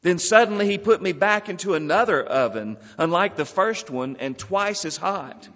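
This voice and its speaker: A man's voice: sits high, expressive, moderate pace, fairly bright tone. A man voicing a small clay teacup that cries out and pleads as it is shaped and fired. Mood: pleading. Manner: pleading, crying out in distress. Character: small talking clay teacup, suffering then amazed. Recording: long hall reverb.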